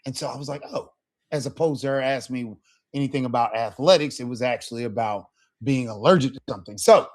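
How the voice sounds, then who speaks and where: A man whose first language is English, teaching a Spanish class in a lively, upbeat way and checking in with "right?" and "okay?". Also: mid-range voice, quick pace. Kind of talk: classroom lesson.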